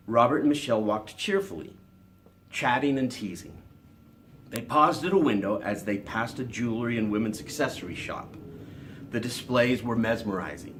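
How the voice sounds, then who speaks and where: A man, the author, reading his own novel aloud in steady narration. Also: medium pitch, moderate pace, slight background noise.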